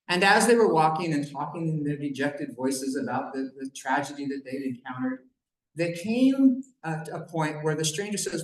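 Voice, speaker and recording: A man giving a conversational talk at a banquet, retelling a Bible story with joking asides to the audience. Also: fairly high pitch. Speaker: banquet speaker. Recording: echoey room.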